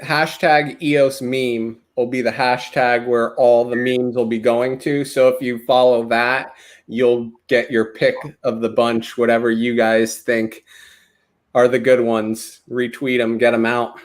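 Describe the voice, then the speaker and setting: A man's voice: medium pitch, flat delivery, unhurried. A man in a casual podcast chat, laid-back and giving short, agreeing replies.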